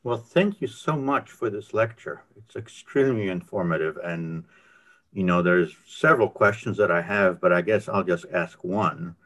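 Polite low-voiced man asking a question. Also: normal speed, fairly bright tone. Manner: polite, hesitant with fillers. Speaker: audience member asking a question. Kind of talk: question on a video call.

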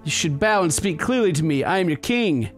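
A man's voice: high-pitched, animated, fairly quick, faint music behind, pitched above the performer's own voice. A man voicing a pompous self-styled king in a haughty, commanding manner.

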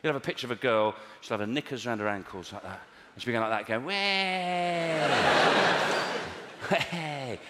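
A man's voice: racing, few pauses. A middle-aged man doing a stand-up comedy routine, sardonic and wry, recorded live in a venue. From England. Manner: wry, sardonic delivery with lively swings in pitch. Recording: reverberant live venue with faint audience noise.

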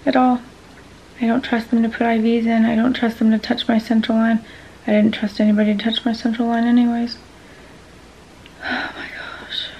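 Raspy-edged woman venting in a vlog. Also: on the high side, mellow, slight background noise, low-quality recording. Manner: frustrated, venting, many ums. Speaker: vlogger sharing a medical experience. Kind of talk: casual talking-to-camera vlog.

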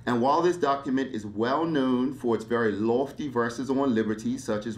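Male lecturer, mid-pitched voice, lively talk, poses rhetorical questions. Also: moderate pace, few pauses. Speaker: history lecturer. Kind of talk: public lecture.

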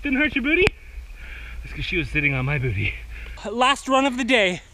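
A man filming a family vlog outdoors on a snowy hill, whooping excitedly while sledding and a bit out of breath. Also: very high-pitched, a little fast, very noisy. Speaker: vlogger dad.

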